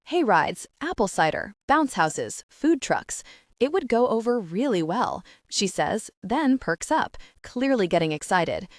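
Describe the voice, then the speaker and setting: Lively woman narrating a romance audiobook. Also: medium pitch, measured pace, no room sound, studio quality. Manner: expressive first-person reading.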